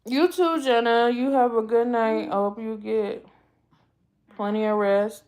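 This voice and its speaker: A woman's voice: on the high side, steady tone, measured pace, a little mellow. A young woman from the US East Coast, chatting on a livestream to her viewers in a heartfelt, rambling way and often repeating herself. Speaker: YouTube livestream host. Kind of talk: casual livestream chat.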